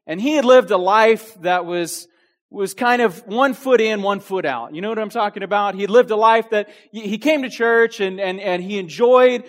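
A man preaching a youth sermon with energy, full of restarts and asides. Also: high voice. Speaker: youth pastor.

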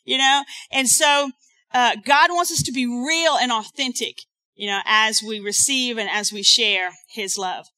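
A woman's voice: a little high, a little slow, bright, forceful tone. A woman preaching a sermon in church, talking with the congregation and asking them to repeat lines after her. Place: church sanctuary.

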